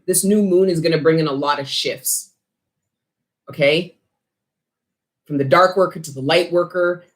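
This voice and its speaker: A woman giving a casual spiritual tarot reading, talking bluntly with lots of swearing and street slang. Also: fairly low pitch. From Canada. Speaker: tarot reader.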